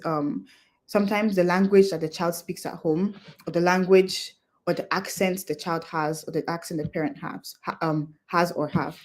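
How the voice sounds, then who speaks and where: A woman's voice: fairly low pitch, a little mellow. A young adult woman speaking at a conference, explaining step by step in an earnest, practical way. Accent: non-Nigerian English accent. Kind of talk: talk to an audience.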